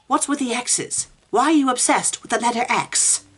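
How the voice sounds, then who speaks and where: A woman's voice: fairly high pitch, moderate pace, a bit bright, breathy edge. A woman reviewing fan fiction for laughs, reading it aloud and answering it with sarcastic, exasperated asides.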